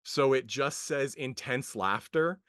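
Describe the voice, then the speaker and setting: A male podcast co-host rambles through a film review in loose, chatty talk. He is full of ums and restarts, and he is often amused. His voice sits at a middle pitch and sounds close and dry. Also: takes it slowly, clean tone, no room sound. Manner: rambling, hesitant, many fillers and restarts; animated, amused, laughing often. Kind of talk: casual film review chat.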